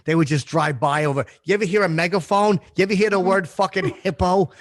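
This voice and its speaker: A man playing a crude, brash man-child comedy podcast host who is deadpan and over the top. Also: high-pitched, fast, close to an everyday voice.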